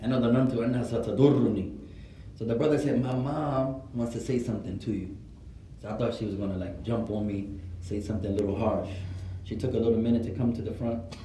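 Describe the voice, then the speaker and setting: A man's voice: fairly low pitch, a little fast, dark tone, a little hiss or hum. A man teaching an informal class, telling stories and switching between Arabic and English. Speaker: Arabic and Islamic studies teacher. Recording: echoey classroom from far off.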